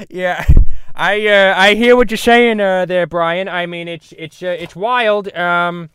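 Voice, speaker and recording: A man's voice: high-pitched, moderate pace, few pauses, fairly bright tone, clear, resonant tone, dry recording, studio quality. A man hosting an improvised comedy chat, talking in a rambling, crude way with lots of restarts. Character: host calling himself a cartoon baby. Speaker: host.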